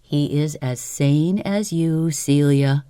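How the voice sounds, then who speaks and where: A woman voicing a stern old male lawyer, cold and measured in his speech. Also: very deep voice, big pitch swings, mellow, slightly rough, no echo, studio quality, exaggerated voice.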